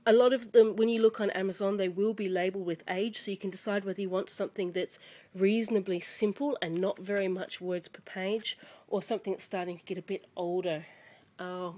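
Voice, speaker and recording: Mid-pitched woman, chatty home vlog to camera, rambling delivery with restarts. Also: steady tone, fairly quick, mellow. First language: English. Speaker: parent showing children's books. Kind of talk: casual show-and-tell chat. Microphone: camera mic.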